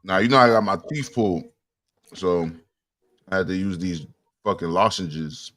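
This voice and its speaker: A man's voice: low-pitched, moderate pace, fairly bright tone, no echo. A man co-hosting a casual comedy chat, laid-back with dry, wry one-liners.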